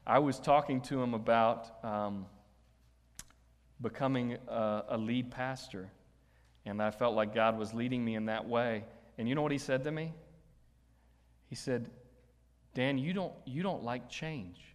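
A man's voice: medium pitch, steady tone, unhurried, pauses often. A man preaching a sermon as pastor, talking conversationally and asking the congregation questions. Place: church hall. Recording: long church hall reverb.

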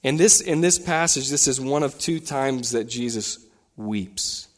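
A man preaching a sermon as pastor in a church, animated, his voice climbing higher and louder when he retells scenes. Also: unhurried, long reverb tail. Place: church sanctuary.

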